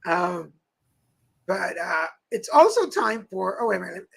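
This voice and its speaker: A man's voice: sits high, sing-song, a little slow, vocal fry, a bit bright, slightly rough, poor audio. A man co-hosting a talk show, telling stories in a playful, chatty way with frequent laughs. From Mexico. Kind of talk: casual chat. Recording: live stream with faint background noise.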